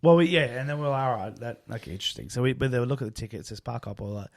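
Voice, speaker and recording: A man's voice: medium pitch, very fast, creaky. A man, co-hosting a podcast and casually telling a travel story, acting out quoted lines. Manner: relaxed, acts out quoted dialogue. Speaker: podcast co-host.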